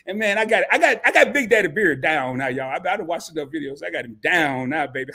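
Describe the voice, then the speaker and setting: A man hosting a live stream talk show, talking in an energetic, slangy, casual way to his chat. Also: sits high, fast, few pauses, breathy edge. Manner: energetic, slangy, calls the audience "baby" and "man".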